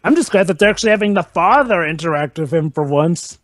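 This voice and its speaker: Young male co-host, high animated voice, rambling chatty delivery, dry close mic. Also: fast talker, no room sound. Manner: rambling, repeats filler words. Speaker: commentary co-host. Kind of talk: casual movie commentary chat.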